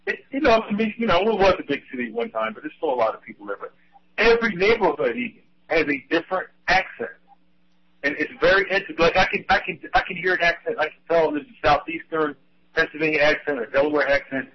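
A man from Philadelphia chatting on a talk show, lively and agreeable. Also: on the high side, fast, muffled recording. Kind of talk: casual radio conversation.

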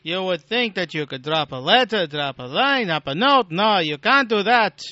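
A man's voice: high-pitched, little pitch movement, moderate pace, bright, forceful tone, no echo. A man putting on the voice of a self-pitying, kvetching old man who complains nobody ever calls. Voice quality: whiny, nagging. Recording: dull lo-fi recording.

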